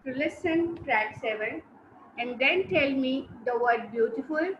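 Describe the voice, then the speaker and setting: Lady teacher online, high voice, slow, repeats every word twice, echoey dull mic. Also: lively intonation, a little hiss or hum. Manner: instructive, repeats words and syllables, brisk commands. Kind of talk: online class lesson. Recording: roomy, slightly dull sound.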